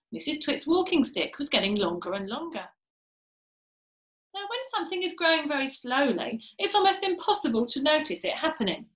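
A woman reads a children's story aloud with a lively voice, pitched a bit high, rising and falling a lot. She talks straight to young listeners, and her voice rings in an echoey room. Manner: expressive, speaks to young listeners. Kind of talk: reading a children's book aloud.

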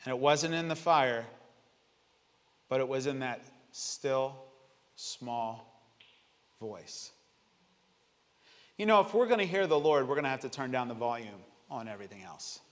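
A man preaching a sermon, reading scripture dramatically and swinging between loud declarations and hushed lines. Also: medium pitch, expressive, a little fast, big-room sound. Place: church sanctuary.

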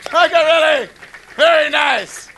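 A man hosting a comedy show, calling out loudly to the club audience. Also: extremely high pitch, unhurried, a faint crowd, slight background noise, rough recording. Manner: loud, hyped introduction. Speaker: show host.

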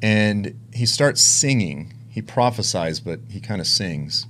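A man preaching, telling a personal story with emotion, dropping to hushed tones and rising to intense ones. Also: lowish voice, expressive, slow, a little hiss or hum. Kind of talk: sermon testimony.

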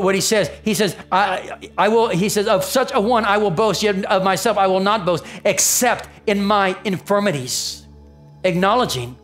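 High-pitched animated preacher man. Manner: emphatic preaching, swinging from high exclaims to low murmurs. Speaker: pastor. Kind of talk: sermon. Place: church sanctuary.

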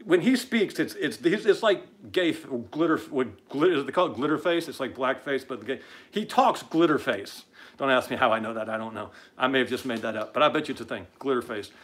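A man's voice: medium pitch, fairly quick, fairly bright tone. A man hosting an online show, talking in casual live-stream commentary with many "uh"s and stammering restarts, blunt and combative.

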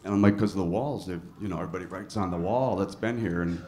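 A man's voice: low-pitched, fairly quick, mellow. Profane male stand-up storyteller. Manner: profane storytelling, acting out both sides. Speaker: stand-up comedian. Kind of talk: stand-up comedy set. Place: comedy club stage. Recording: live club recording with audience laughter.

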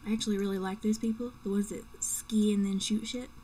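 A woman's voice: medium pitch, steady tone, fast, mellow, a little hiss or hum, low-quality recording. A young woman giving casual let's-play commentary at home at night, chatty and joking, with playful whispered asides. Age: young adult.

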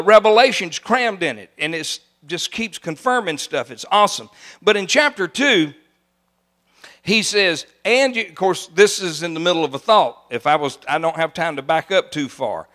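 Older preacher guy, high voice, folksy, yells then drops soft, drags out the bible verses. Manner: folksy, swings from soft asides to loud cries, slows for scripture. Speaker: pastor. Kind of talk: sermon. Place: church sanctuary.

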